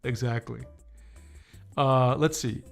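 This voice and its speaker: A man's voice: mid-range voice, steady tone, slow pace, gravelly, soft background music. A man hosting a casual livestream, chatting with viewers in a rambling way full of fillers and restarts. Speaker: livestream host reviewing drawing tablets.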